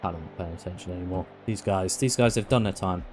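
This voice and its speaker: A man's voice: low-pitched, fast, a little mellow, slight background noise. A man doing casual, sweary live-stream commentary on a football management game. He talks to the players on screen and goes off on rants.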